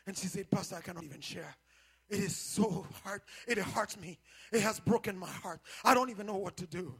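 High, husky-voiced preaching pastor. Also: male voice, brisk. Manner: preaching with rising shouts and sung phrases. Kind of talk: sermon.

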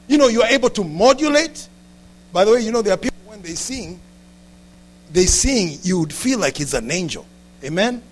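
Brief: male pastor, very high voice, lively sermon delivery with shouted peaks. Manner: animated preaching, rising to shouts, with frequent asides to the congregation.

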